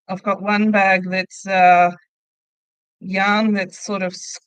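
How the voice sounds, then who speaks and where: A middle-aged Australian woman with a medium-pitched voice hosts a casual crochet livestream from home. She chats easily, laughs often, and answers viewer comments aloud while she works. The recording is dry and rough.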